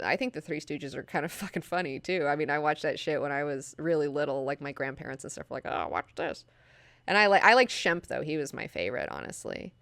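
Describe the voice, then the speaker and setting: A young woman chatting excitedly about movies, swearing freely with lots of fillers and laughter. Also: sits low, no echo. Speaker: movie news vlogger. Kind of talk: casual movie chat.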